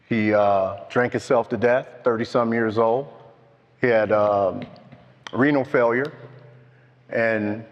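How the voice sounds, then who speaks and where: An older man telling his own story at a recovery meeting, slow and halting, heartfelt. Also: fairly low pitch. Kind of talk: personal testimony. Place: meeting hall. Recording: dull, with long hall echo.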